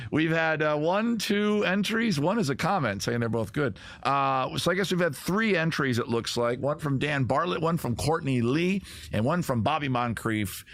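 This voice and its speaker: By a fire outdoors, a man hosts a casual livestream, rambling and joking in an animated way. His voice is medium-pitched, and the recording is dry.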